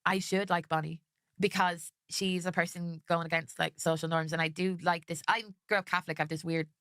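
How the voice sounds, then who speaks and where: A woman's voice: fairly low pitch, little pitch movement, a little fast, fairly bright tone, dry recording, clean studio sound. A woman chatting on a podcast, giggly and rambling with lots of fillers. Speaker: podcast co-host. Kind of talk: casual podcast chat.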